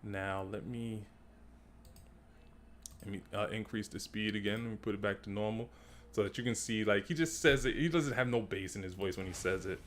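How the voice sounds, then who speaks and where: A man giving a casual, slangy commentary as he breaks down a movie trailer. He repeats himself, restarts phrases and climbs higher in pitch when he gets worked up. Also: moderate pace, a little hiss or hum.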